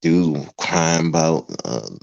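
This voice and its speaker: A man's voice: rumbling low, animated, takes it slowly, creaky, darkish tone. A podcast host, a man, delivering an emphatic, profane livestream rant. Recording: dull lo-fi recording.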